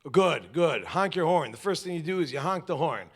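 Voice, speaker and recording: Animated storytelling man from New York. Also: fairly high pitch, moderate pace. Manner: animated storytelling with jokes and acted-out quotes. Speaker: speaker. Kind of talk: comedic motivational talk.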